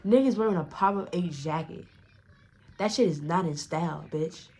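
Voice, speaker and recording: A woman's voice: fairly low pitch, normal speed, darkish tone. A young woman telling a story to her vlog audience in a casual, profane, rambling way, restarting her sentences often. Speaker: storytime vlogger.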